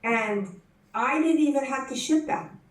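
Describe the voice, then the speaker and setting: Woman speaker, unhurried story delivered at a conference, heard from a distance in an echoey hall. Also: sits high. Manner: animated, acts out the voices in her story; frequent self-corrections and restarts. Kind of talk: personal storytelling talk.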